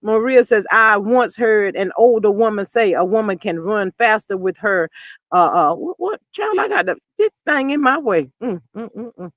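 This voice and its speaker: Very high-voiced sassy male streamer. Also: normal speed, no echo, lo-fi sound. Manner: sassy and animated, often calling listeners "child". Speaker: channel host reading live chat. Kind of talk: casual gossip commentary on a reality show.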